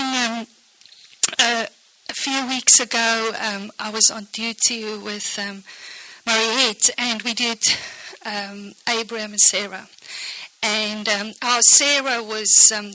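A woman leading a children's church training, lively and animated, often asking "okay?" and dropping into soft whispers. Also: a little high, dry recording, low-quality recording. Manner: animated, shifts between bright exclamations and hushed whispers; frequent "okay?" check-ins. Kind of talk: teaching volunteers, modelling a kids' talk.

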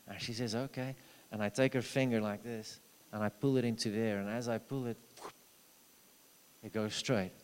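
Male preacher, mid-pitched, urgent then hushed, reverberant church hall. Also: steady tone, a little fast, smooth. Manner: storytelling, swings from loud urging to low hushed asides. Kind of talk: sermon.

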